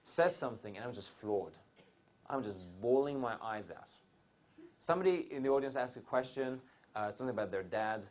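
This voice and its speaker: A man giving a motivational seminar talk to a live audience, telling a personal story with animated delivery and questions to the room. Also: mid-range voice, highs cut off. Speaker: seminar speaker.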